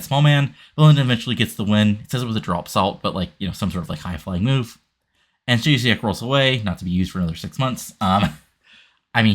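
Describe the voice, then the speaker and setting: Low-voiced male narrator, casual, rambling game recap. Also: fairly bright tone. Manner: rambling, many fillers. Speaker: game commentator. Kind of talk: casual let's-play narration.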